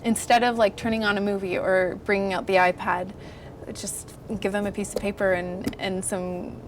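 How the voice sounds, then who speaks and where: A woman's voice: mid-range voice, moderate pace. A woman in her thirties talks casually about her work as an illustrator. She tells her stories with energy and slips into other people's voices when she quotes them. A faint background hiss sits under her voice. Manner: animated storyteller, acts out quoted voices. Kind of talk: casual interview talk.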